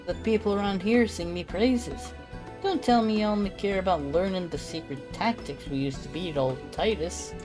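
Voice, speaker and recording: A streamer lends their voice to a boastful retired mercenary from a fantasy game, gruff and full of folksy swagger. He taunts the listener and brags about old battles, with faint game music playing underneath. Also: medium pitch, normal speed, voice pushed up, lightly acted.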